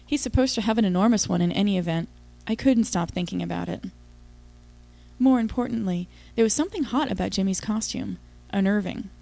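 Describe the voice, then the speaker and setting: A woman's voice: medium pitch, vocal fry, dark tone, no room sound. A woman giving an intimate, confiding first-person audiobook narration.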